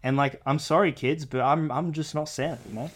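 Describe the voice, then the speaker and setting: A man's voice: a little high, steady tone, fairly quick. A man chatting casually on a podcast as co-host, rambling through stories with lots of "you know" and "like.". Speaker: co-host, older brother.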